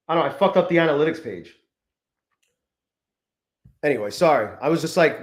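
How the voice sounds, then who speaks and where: Brief: male live-stream host, somewhat high voice, loose profane rambling, roomy echoey sound. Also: lively intonation, fairly quick, pauses often. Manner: profane, rambling, greets chat viewers. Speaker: livestream host. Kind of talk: casual live-stream chat.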